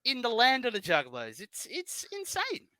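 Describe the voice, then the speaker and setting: A man co-hosting a podcast, telling stories in animated, profane casual chat. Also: very high-pitched, normal speed, heavy background noise. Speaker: podcast co-host.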